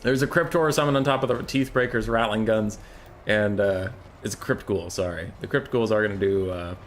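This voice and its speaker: A man's voice: lowish voice, fairly quick, a little hiss or hum. A young man giving casual, rambling commentary on a strategy game match, chatting and swearing offhand. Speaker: game caster.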